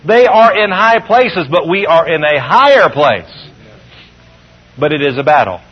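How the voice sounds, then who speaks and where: Husky-voiced preacher on lo-fi radio. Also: male voice, on the high side, very animated. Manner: call-and-response preaching, slows and rises reading scripture. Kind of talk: sermon.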